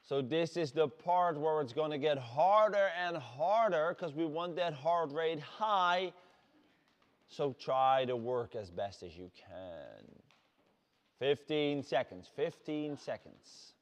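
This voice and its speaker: A man with a Dutch accent leading a workout class as fitness coach, shouting energetic encouragement. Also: on the high side, slow, highs cut off. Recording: long hall reverb.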